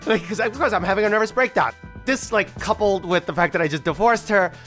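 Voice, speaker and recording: A man in an interview, casually telling his own story in an animated, chatty way, with music playing underneath. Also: high voice, quick pace. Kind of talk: casual first-person storytelling.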